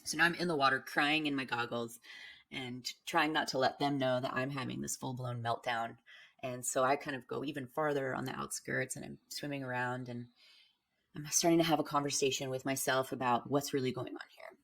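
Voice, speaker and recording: Young woman, very low and gravelly, candid casual storyteller. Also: steady tone, brisk, a bit bright. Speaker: podcast guest, healer.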